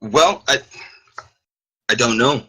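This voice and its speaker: Sharp, husky-voiced man on voice chat. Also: medium pitch, takes it slowly, low-quality recording. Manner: hesitant, restarts phrases. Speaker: student. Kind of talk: practice session over voice chat. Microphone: online voice chat mic.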